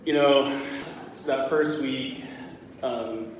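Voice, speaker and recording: A man speaking at a memorial, halting and emotional, with many fillers, in a large room. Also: medium pitch, steady tone, a little hiss or hum. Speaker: eulogy speaker. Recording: echoey hall from far off.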